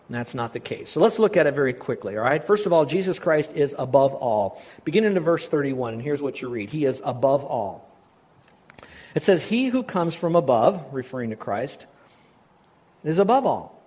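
A man's voice: on the high side, lively intonation, fairly quick, darkish tone, slightly rough. A male pastor delivering a sermon in a slightly raised voice. He talks to his congregation in an easy, conversational way. He drives home important words with emphasis. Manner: conversational, asks the congregation to respond; stresses key words emphatically.

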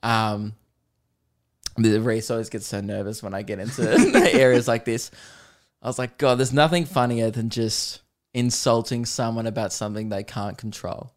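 A young man hosting a comedy podcast, telling animated stories with swearing and frequent laughter. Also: medium pitch, moderate pace. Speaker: podcast host.

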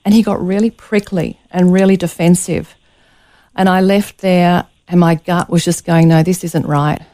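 Appearing as a guest on a radio interview, a woman recounts a painful personal story, earnest, emotional and near tears. Her low-leaning voice has a dark tone and a flat delivery at normal speed.

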